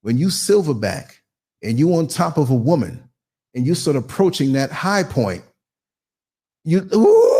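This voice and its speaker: Animated New man telling a story. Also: medium pitch. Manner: animated, theatrical, acts out voices and sounds. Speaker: podcast host. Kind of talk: live-stream storytelling.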